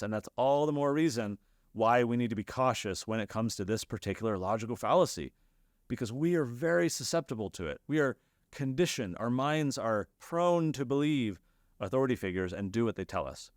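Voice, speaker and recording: A man giving an explanatory lesson on logical fallacies, telling examples in a lively storytelling way and briefly acting out the voices he quotes. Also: lowish voice, no room sound, clean studio sound. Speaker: lecturer.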